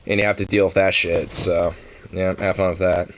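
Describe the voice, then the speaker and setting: A young man chats into the camera in a slightly low voice, rambling loosely and swearing often. He laughs between thoughts, and a faint hiss sits under the recording. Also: level tone, moderate pace, poor audio. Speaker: vlogger. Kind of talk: casual rambling chat.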